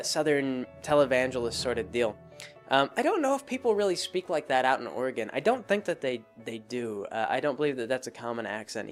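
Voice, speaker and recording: A man talking casually as a show host, at an ordinary middle pitch. He rambles, circling back with lots of fillers and restarted sentences. Faint music sits softly behind his voice. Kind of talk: casual spoken commentary.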